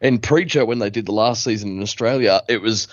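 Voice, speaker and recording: A man's voice: fairly low pitch, brisk, no echo, highs cut off. A man chatting as a podcast guest, hesitant, who mimics other voices as he tells stories. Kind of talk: casual chat.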